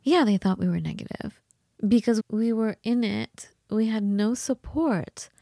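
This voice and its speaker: A woman's voice: fairly high pitch, a little slow, vocal fry, mellow, no room sound, studio quality. A woman co-hosting a podcast in casual chat, talking in a chatty, frank way and thinking aloud. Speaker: podcast co-host.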